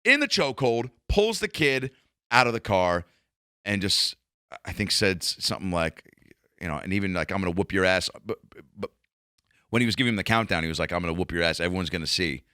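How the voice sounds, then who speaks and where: Profane comedian host, dry close sound. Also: male voice, low-pitched, brisk, smooth, no echo. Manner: profane, animated, acts out quotes in raised voices. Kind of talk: casual comedic monologue.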